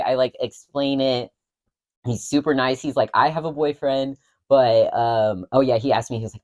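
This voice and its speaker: A man's voice: medium pitch, steady tone, normal speed, darkish tone, dull audio. A man in his twenties telling a story in a casual chat, laughing often and acting out what other people said. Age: 20s. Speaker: vlogger.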